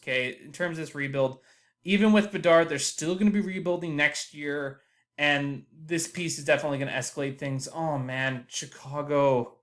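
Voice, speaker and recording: A man's voice: a little high, fairly bright tone. A man hosting a live reaction podcast, emotional and dejected, groaning and sighing as his voice swings up and down. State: dejected, heartbroken. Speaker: podcast host.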